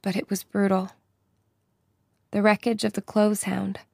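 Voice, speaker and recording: A woman narrates an audiobook in a plain first-person telling. Her voice sits at a middle pitch, and the recording is dry and close. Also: completely flat delivery, a little slow, creaky, darkish tone, slightly rough, dry recording. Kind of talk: scripted narration.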